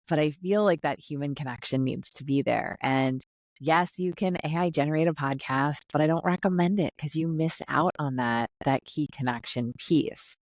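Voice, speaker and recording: A woman's voice: rumbling low, no room sound, studio quality. A woman hosting a podcast interview over a remote call, upbeat and chatty, often checking in with "right?". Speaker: podcast host. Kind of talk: casual interview chat.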